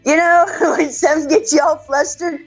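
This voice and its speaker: A woman with a Texan Southern accent, chatting casually as a podcast guest, salty and quick to laugh. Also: high-pitched, steady tone, faint music behind, low-quality recording. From Texas. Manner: salty, laughing, loose storyteller. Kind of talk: casual chat.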